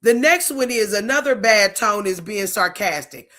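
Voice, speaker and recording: A woman's voice: medium pitch, animated, normal speed, fairly bright tone. A woman hosting a faith-based talk show, speaking bluntly and emphatically and acting out the tones she talks about. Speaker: host.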